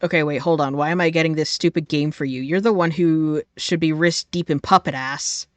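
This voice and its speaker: A woman's voice: low voice, fairly even intonation, brisk, no echo. A young adult woman streaming a game live, reading its text aloud in a profane, playful way.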